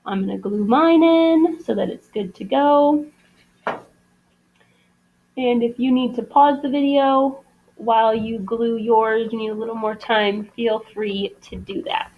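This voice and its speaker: A woman's voice: on the high side, takes it slowly, pauses often, narrow, tinny audio. A woman teaching a math lesson, explaining patiently step by step. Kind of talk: recorded classroom lesson.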